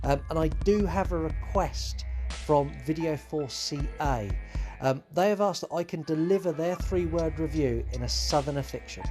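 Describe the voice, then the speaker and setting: Chatty podcast host. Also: male voice, fairly high pitch, moderate pace, darkish tone, soft background music. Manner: chatty, rambling, many fillers. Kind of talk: casual podcast monologue.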